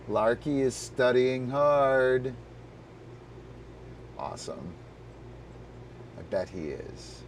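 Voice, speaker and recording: A man's voice: medium pitch, lively intonation, slow, pauses often, noisy background. A man hosting a live disc dog coaching stream. He explains moves with many fillers and breaks off to talk to his dog. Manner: rambling, full of fillers, talks to his dog between explanations.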